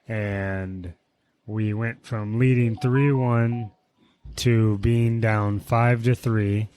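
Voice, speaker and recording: A man's voice: lowish voice, drawn-out words, clear, resonant tone. A man casually chatting on a podcast, telling a story with lots of swearing and heated outbursts. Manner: profane, animated storytelling with heated quoted outbursts. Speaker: podcast co-host.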